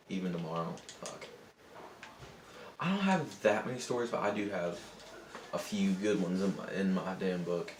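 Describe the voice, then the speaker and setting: A man's voice: low-pitched, reverberant, slight background noise. A young man casually telling a rambling, profane story over gameplay, often cutting himself off. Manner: rambling, profane, self-interrupting. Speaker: gaming channel host. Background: other people in the house.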